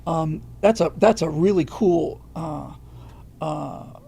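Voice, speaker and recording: A middle-aged man's slightly high voice comes across creaky and warm with a breathy edge as he hosts a livestream. Chatting casually, he reads out viewer questions and comments, pausing and restarting often with many fillers.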